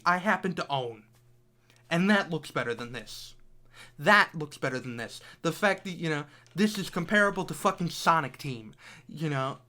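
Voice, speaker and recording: A young man in his twenties tears into a video game in a furious, swear-laden rant. His pitch swings widely and stays lively, and he hammers the same points again and again. He jumps between loud outbursts and quiet, bitter muttering. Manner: furious, profane, repetitive ranting. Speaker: game critic. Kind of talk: angry game critique rant.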